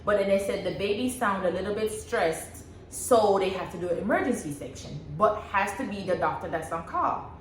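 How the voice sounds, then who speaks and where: A young woman vlogger casually telling a personal story, animated and laughing often as she acts out what she said. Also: medium pitch, normal speed, hardly any pauses. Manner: animated, laughs often, reenacts her own past words. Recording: echoey room with faint background hum.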